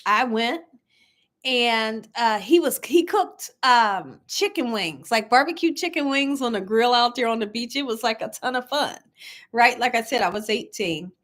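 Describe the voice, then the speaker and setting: A woman's voice: on the high side, lively intonation, a little slow, a bit bright. A middle-aged woman hosting a casual livestream, chatting with viewers, reading their comments aloud and telling stories with frequent laughter. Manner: chatty storyteller, laughs often, addresses viewers as y'all. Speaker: cooking channel host.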